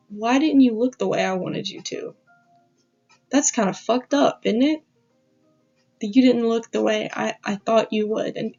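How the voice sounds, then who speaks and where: A woman's voice: mid-range voice, vocal fry, darkish tone. A woman hosting a casual video essay over slides, rambling with self-aware asides and the odd swear. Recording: dull lo-fi audio.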